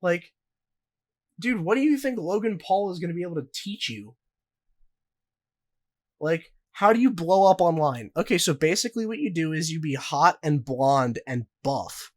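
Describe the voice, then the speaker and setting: A man's voice: a little high, animated, moderate pace. A young man co-hosting a podcast, telling a story in a rambling, profane way full of filler words. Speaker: podcast co-host. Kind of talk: casual podcast chat.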